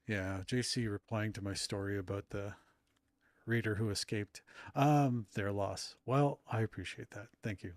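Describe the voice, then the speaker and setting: A man's voice: on the low side, fairly even intonation, moderate pace, no room sound, clean studio sound. A middle-aged man chatting casually with his live-stream audience while playing, self-deprecating and rambling. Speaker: streamer and author.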